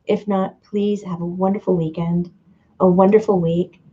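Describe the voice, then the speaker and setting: A woman's voice: lowish voice, little pitch movement, moderate pace, dark tone, highs cut off. Chatty, laughing woman on a live stream. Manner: laughs often, playful and chatty; reads viewer comments aloud. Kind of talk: casual live-stream talk.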